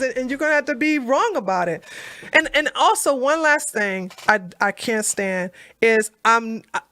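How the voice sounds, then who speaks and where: A woman's voice: sits high, sharp tone, no echo, studio quality. A woman ranting on a casual political live stream, blunt, profane and mocking, who often repeats herself. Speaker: political commentator on a debate stream.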